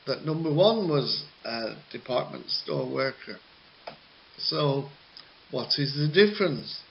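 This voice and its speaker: A male English teacher talks through exercise answers very slowly, with a patient, jokey manner and plenty of ums. The sound is a little muffled, and a faint hiss runs underneath. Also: medium pitch, vocal fry. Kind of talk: recorded classroom lesson.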